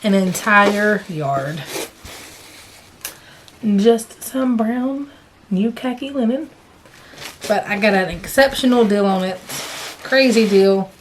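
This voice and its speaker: A woman talks in a loose, chatty way from her chair at home, rambling a bit and correcting herself often. Her pitch sits in the middle for a woman. A faint hiss lies under the recording. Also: animated, slow, long pauses. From American South. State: hiccups. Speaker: cross-stitch vlogger. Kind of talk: casual chat. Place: indoors, sitting in a stitching chair at home.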